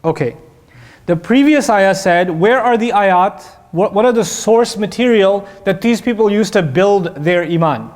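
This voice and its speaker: A man's voice: high voice, unhurried. A man giving a lecture on Quran verses, telling stories with energy and putting questions to his listeners. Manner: animated storytelling, asks the audience questions. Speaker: Islamic teacher.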